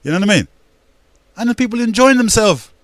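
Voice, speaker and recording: A man's voice: sits high, expressive, brisk, fairly bright tone, no echo. An older man, hosting a radio talk show in a rambling, emphatic monologue that repeats words and addresses listeners as brethren.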